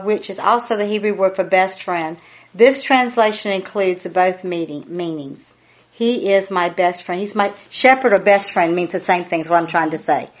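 A woman's voice: medium pitch, highs cut off. A woman leading a Bible study, reading scripture aloud, explaining it and repeating key phrases for emphasis.

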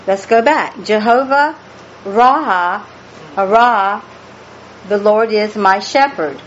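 A woman's voice: mid-range voice, takes it slowly, muffled recording, a little hiss or hum. A woman leading a Bible study, reading scripture aloud, explaining it and repeating key phrases for emphasis.

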